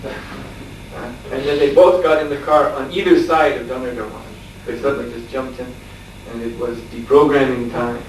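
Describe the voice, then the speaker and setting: In a lecture room at a farmstead, a monk lecturer with an average-pitched male voice tells a long anecdote during a scripture class at a moderate pace. He's relaxed and conversational, chuckling often and using hesitant fillers. The distant mic picks up heavy room echo and a faint hiss.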